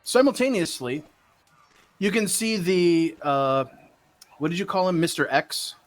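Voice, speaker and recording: A man's voice: high-pitched, lively intonation, unhurried. A man narrating as game master of a tabletop game, rambling with many fillers.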